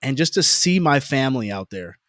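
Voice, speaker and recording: A man telling a personal story in a casual conversation, animated and self-deprecating, with emphatic repetition. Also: medium pitch, fairly quick, no echo, clean studio sound. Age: adult parent.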